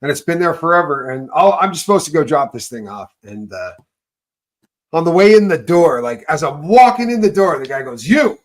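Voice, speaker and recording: A man, host of an online call, telling a story in rambling casual chat that swings between loud bursts and low mutters. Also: big pitch swings, a little fast. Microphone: video call.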